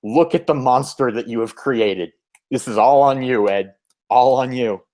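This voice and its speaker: A man's voice: medium pitch, unhurried, darkish tone. A man hosting a podcast, chatting casually and rambling, with frequent restarts and self-deprecating asides. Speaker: podcast host.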